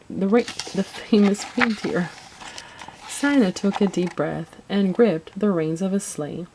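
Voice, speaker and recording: Low-voiced woman reading a storybook. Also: mellow, low-quality recording. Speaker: narrator.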